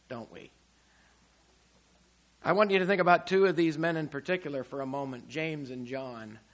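A man preaching a sermon, emphatic, with rhetorical questions and swings between loud and quiet. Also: a little high. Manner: emphatic, rising and falling loudness, rhetorical questions.

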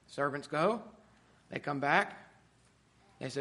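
A middle-aged man preaching a sermon, swinging from quiet asides to loud, emphatic peaks. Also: a little high, lively intonation, normal speed.

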